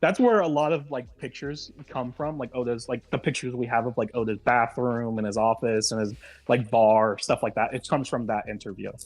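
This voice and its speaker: A man's voice: medium pitch, steady tone, normal speed. A man co-hosting a casual podcast chat, walking through a theory at length and reading quotes aloud. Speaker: podcast co-host.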